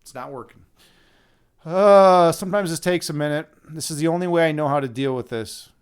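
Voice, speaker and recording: A man's voice: a little high, fairly quick, clear, resonant tone. A man hosting a live stream, chatting casually and playfully with viewers, often repeating and restarting his words, speaking close to the microphone. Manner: playful, laughs at himself.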